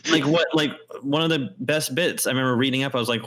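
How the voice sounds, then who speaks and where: A man's voice: mid-range voice, fairly even intonation, fairly quick, a bit bright. A man as a guest contributor in a casual podcast chat, laid-back and swearing casually.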